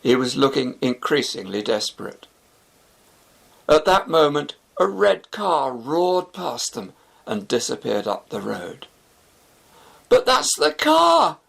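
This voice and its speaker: British male narrator for learners, slow, gravelly, lively. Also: medium pitch. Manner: slow, clear, expressive.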